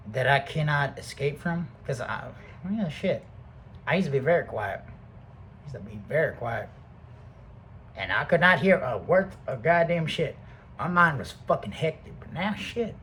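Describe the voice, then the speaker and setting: A man rambling through a casual, heavily profane motivational monologue that swings between loud bursts and low mutters. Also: animated, moderate pace, slight background noise, low-quality recording. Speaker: vlogger.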